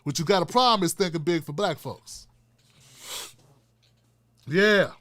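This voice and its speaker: A man's voice: fairly high pitch, lively intonation, a little slow, fairly bright tone. An older man hosting a profane, fiery political rant with a preacher-like cadence. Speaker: political commentator host. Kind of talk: ranting political commentary.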